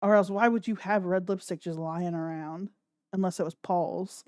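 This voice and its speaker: A woman's voice: fairly low pitch, fairly even intonation, normal speed, a little mellow, no room sound, studio quality. A woman hosting a livestream, reacting to a video with crude jokes and frequent laughter. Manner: crude, joking, laughs often. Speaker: podcast host. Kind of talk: casual livestream commentary.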